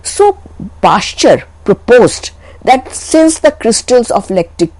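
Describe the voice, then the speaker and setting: Slow, mellow-voiced woman lecturing. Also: a little high, big pitch swings, dry recording. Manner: slow, deliberate explaining with self-corrections. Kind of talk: recorded chemistry lecture.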